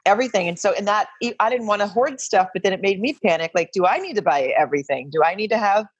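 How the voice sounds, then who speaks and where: A woman's voice: mid-range voice, animated, fast talker, breathy edge, dry recording, dull audio. A woman from Arkansas, a podcast guest, chatting casually and self-deprecatingly about home life. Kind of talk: casual chat.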